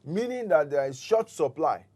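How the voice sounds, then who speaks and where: A man's voice: fairly high pitch, sing-song, normal speed, mellow. A man, a real estate expert on a talk show, patiently explaining step by step with examples.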